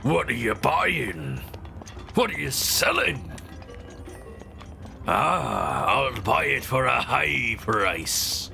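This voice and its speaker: A man voicing a shady male weapons merchant with a pirate flair, drawling slowly over game music. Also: mid-range voice, sing-song, creaky, pushed and bright, full character voice. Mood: gruff.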